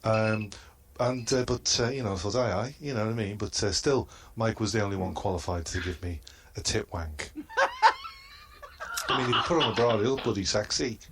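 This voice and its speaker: A man doing a comedy roast in a halting, hesitant delivery and chuckling at his own crude jokes. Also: on the low side, huge pitch swings. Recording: noisy line.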